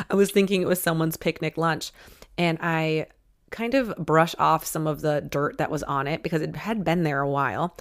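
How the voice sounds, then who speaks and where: Low-voiced chatty woman podcaster. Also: no echo, clean studio sound. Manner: chatty, emotional, lots of "like" and "you know". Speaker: podcast host. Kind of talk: casual storytelling.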